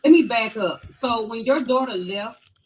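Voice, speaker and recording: A woman's voice: a little high, expressive, a little slow, a little mellow, low-quality recording. A woman hosting a live-stream interview, talking casually and loosely with many "um" fillers. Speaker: host.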